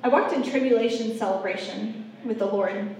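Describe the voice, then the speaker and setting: A woman's voice: a little high, normal speed, darkish tone. Earnest woman in echoey room. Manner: earnest heartfelt storytelling, addresses audience directly. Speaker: speaker sharing a personal testimony. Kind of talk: faith testimony talk. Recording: echoey room, mic at a distance, faint background noise.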